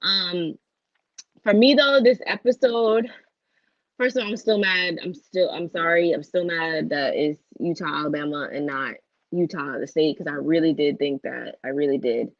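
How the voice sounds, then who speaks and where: A woman co-hosting a casual livestream chat, rambling and thinking aloud with many pauses. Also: deep voice, no room sound, muffled recording. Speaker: co-host.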